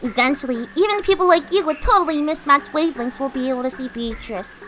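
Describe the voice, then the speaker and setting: A woman doing a high, eerie little girl. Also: quick pace, faint music behind, rough recording. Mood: eerie calm. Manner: calm, insistent, unsettling. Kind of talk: voice acting while reading a visual novel.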